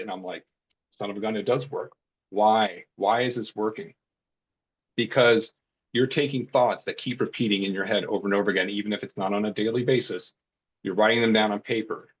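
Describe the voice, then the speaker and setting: A husky man with a fairly low voice, a burnout coach guesting on a podcast. He tells his stories in a casual, animated way and slips into the voices of the people he quotes. The recording sounds dull and lo-fi. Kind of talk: casual storytelling.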